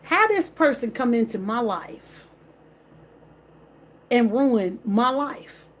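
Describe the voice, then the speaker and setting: Woman venting on her vlog, high voice, slangy, keeps repeating herself. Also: slow. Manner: animated, repetitive, emphatic, slangy. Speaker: vlogger. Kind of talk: casual direct-to-camera rant.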